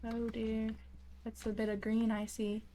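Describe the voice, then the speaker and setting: A young woman talks her way through a video game in a relaxed, unhurried way. Her voice sits slightly high, and she's easily spooked, yelping and apologizing to the creatures around her. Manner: chatty, easily startled, squeals and apologizes to creatures. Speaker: gamer. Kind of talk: casual let's-play commentary.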